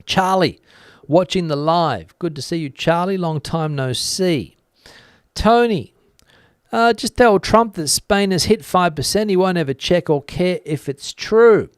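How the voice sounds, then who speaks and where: A man hosting a live stream, casually reading out viewer comments and greeting people by name, with frequent pauses and fillers. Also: high voice, lively intonation, smooth, dry recording, studio quality. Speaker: channel host.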